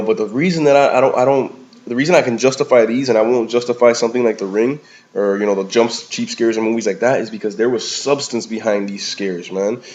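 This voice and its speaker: A man talks through a movie review in a loose, rambling way, full of slang and "man" and "bro". His voice sits at an average pitch. The recording is a bit dull and lo-fi. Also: darkish tone.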